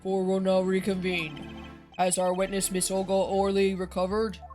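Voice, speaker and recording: A woman's voice: medium pitch, completely flat delivery, normal speed, dark tone, soft background music, pitched below the performer's own voice, natural voice. A woman voicing an older male judge with formal courtroom delivery.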